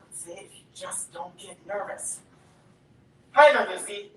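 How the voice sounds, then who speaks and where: A woman's voice: mid-range voice, measured pace, a little hiss or hum, lightly acted. A young woman playing a nervous, self-doubting young boy in a stage musical, talking and singing to himself, recorded from far off in a school auditorium. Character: anxious, hopeful young boy, eternal underdog. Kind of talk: stage musical theater acting. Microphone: distant, recorded from the audience. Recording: echoey hall from far off with music.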